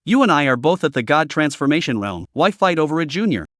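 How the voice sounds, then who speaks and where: A cold, sneering old demonic cultivator, read out by a man with a slightly high voice. He talks with open scorn, every word dry and close to the mic. This is a villain in a fantasy storybook recap. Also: very animated, fast, a bit bright, no room sound. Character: scheming cruel old male demonic cultivator.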